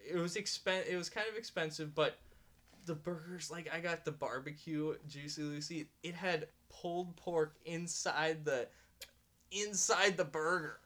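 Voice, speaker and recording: A chatty man co-hosting a casual podcast, with a bright, forceful voice. He rambles, fills pauses with "like" and "um", and laughs often as he tells stories. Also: a little high. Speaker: podcast co-host. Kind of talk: casual chat.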